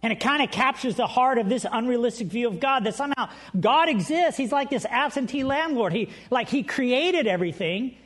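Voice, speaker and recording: A man's voice: extremely high pitch, lively intonation, a little fast, few pauses, fairly bright tone. A man preaching a sermon in a conversational, self-deprecating way, often restarting his words. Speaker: pastor.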